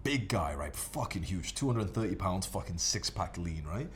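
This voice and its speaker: A man casually telling gym stories to camera in a profane, rambling, animated way. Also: low-pitched, moderate pace, slight background noise. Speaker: fitness vlogger.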